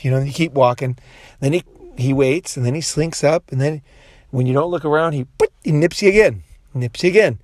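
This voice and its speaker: A man's voice: mid-range voice, brisk, darkish tone, no echo. A man in a casual, profane monologue who rambles, restarts often and puts on voices when he quotes people. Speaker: commentator.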